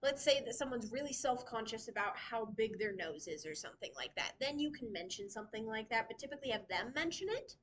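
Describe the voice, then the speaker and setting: A woman's voice: fairly high pitch, lively intonation, fast, hardly any pauses, a bit bright, slight background noise, rough recording. A woman leading a casual writing workshop in a library, chatty and laughing often as she teaches. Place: library meeting room.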